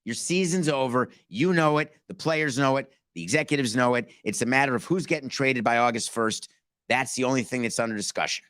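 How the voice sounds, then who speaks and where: Man, sports talk host, emphatic, rhetorical questions, sharp bright tone, dry sound. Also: mid-range voice, a little fast, no echo. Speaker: podcast host.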